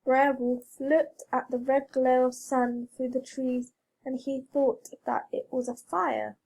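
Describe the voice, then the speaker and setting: A woman reading a children's story aloud, slow, clear and expressive. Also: sits high. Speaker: reader.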